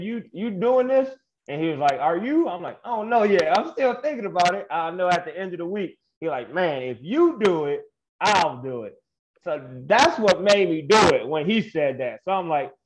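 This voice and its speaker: A young adult man, a guest wrestler, telling a story in a laid-back, slangy way and laughing often, on a muffled lo-fi recording. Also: a little high. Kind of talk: casual storytelling interview. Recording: muffled lo-fi audio with faint noise.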